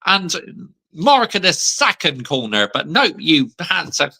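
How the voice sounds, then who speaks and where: A man's voice: on the high side, big pitch swings, a little slow, vocal fry, pushed and bright, husky. A man in his thirties ranting on a fan vlog, heated and sweary, still seething after a defeat. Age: 30s. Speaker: football fan vlogger.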